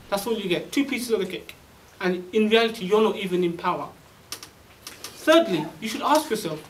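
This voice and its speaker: A man's voice: sits high, recorded from a distance, a little hiss or hum, low-quality recording. A man giving a religious lecture, preaching emphatically with rhetorical questions and quoted Arabic scripture. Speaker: Islamic preacher.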